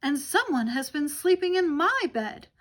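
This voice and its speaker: A woman voicing a medium-sized mama bear in a storybook reading, loud and exclaiming. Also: high-pitched, sing-song, unhurried, pitched above the performer's own voice. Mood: upset.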